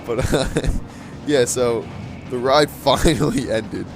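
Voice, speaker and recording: A man's voice: medium pitch, slow, gravelly, music in the background. Rambling young man, casual anecdote. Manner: rambling, chuckling, lots of fillers. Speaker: gaming channel host. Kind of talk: casual storytelling over gameplay.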